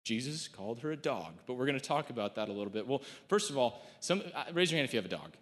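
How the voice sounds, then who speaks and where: A man giving a sermon in a relaxed, conversational way, with joking asides and quotes he acts out. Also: medium pitch, fast talker, long reverb tail. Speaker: preacher.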